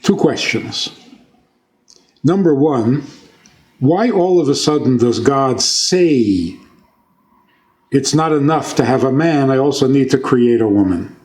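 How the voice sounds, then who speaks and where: A man's voice: mid-range voice, lively intonation, slow pace, pauses often, a little mellow. A man who is a rabbi, giving an informal talk on scripture, asking his audience questions and joking along the way. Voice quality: conversational, asks the audience questions and jokes.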